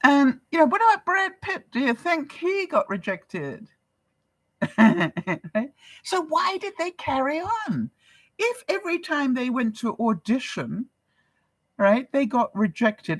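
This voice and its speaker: A woman's voice: high voice, very animated, slow pace, no room sound. An older woman from Canada, a vlogger chatting casually with her viewers, laughing often and asking rhetorical questions. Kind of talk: casual livestream chat.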